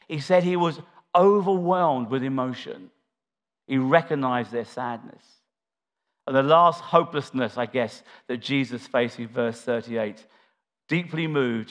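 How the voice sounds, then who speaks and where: A man delivers a church sermon with dramatic flair, his voice sitting a little higher than most men's. He swings between loud, stirring declarations and quiet, hushed asides, acting out the lines he quotes from scripture. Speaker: preacher.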